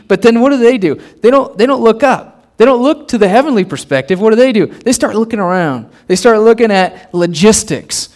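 Male pastor, fairly high voice, preaching in a relaxed, conversational way with emphatic stresses and frequent restarts. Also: normal speed, few pauses. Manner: conversational and emphatic, often repeating and restarting words. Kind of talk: sermon.

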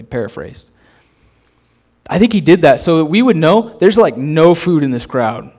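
Male pastor, fairly high voice, preaching in a relaxed, conversational way with emphatic stresses and frequent restarts. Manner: conversational and emphatic, often repeating and restarting words. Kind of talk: sermon.

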